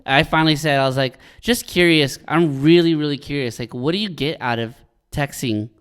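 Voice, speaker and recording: A man co-hosting a casual podcast chat, laid-back and curious, quick to laugh. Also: on the high side, background noise. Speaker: realtor podcast co-host.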